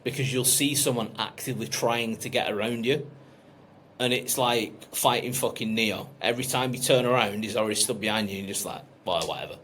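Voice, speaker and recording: A man's voice: medium pitch, steady tone, brisk, fairly bright tone. Man, business coach, blunt, sweary, emphatic, faint background hiss. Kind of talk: casual coaching call.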